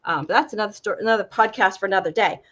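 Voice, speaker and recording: A woman's voice: medium pitch, racing, a bit bright, dull audio. A woman hosting a podcast, asking hesitant questions and chiming in with affirming interjections. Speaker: podcast host. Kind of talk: conversational interview.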